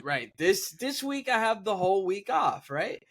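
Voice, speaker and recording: Man, high voice, podcast co-host, loose joking banter. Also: very animated, measured pace, a bit bright. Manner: joking, defensive banter, laughs often. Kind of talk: casual chat.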